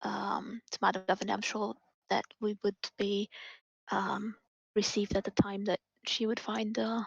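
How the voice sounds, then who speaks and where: A woman voicing a courteous, well-traveled female adventurer in a tabletop game, speaking formally with hesitant pauses. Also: mid-range voice, flat delivery, gravelly, slightly rough, dry recording, highs cut off. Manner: gracious, formal, hesitant phrasing.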